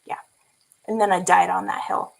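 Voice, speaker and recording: A woman's voice: medium pitch, flat delivery, normal speed, vocal fry, rough recording. A woman in her forties from California, telling a story in a casual vlog and laughing often. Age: 40s. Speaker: vlogger.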